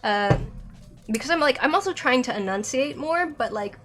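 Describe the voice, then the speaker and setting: A woman's voice: high voice, lively intonation, normal speed, over music. Woman with a Southern drawl and a lisp. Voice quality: slight lisp from a dental aligner. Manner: rambling, self-conscious, many filler likes. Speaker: streamer. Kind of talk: live-streamed game playthrough, reading dialogue aloud.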